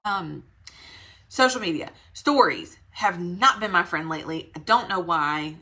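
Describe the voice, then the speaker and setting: A woman's voice: lowish voice, animated, unhurried, sharp tone. A young woman, slightly out of breath, giving her sales team a chatty, rambling pep talk. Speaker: direct sales consultant.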